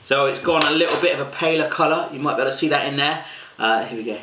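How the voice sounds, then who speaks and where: A British man chatting to the camera as a food vlogger, with animated, jokey, exaggerated reactions. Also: fairly high pitch, fast talker, reverberant. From United Kingdom. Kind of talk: casual chat to camera.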